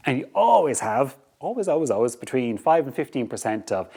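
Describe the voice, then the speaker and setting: A man hosting a podcast, giving a motivational talk in an animated way, often repeating words as he restarts. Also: medium pitch, fairly quick, slightly rough. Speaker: podcast host.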